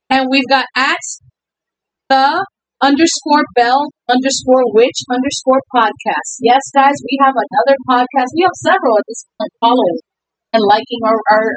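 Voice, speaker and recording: A woman co-hosting a casual podcast, playful and teasing, laughing often as she reads out listener shout-outs. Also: high voice, no echo, low-quality recording. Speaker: podcast co-host.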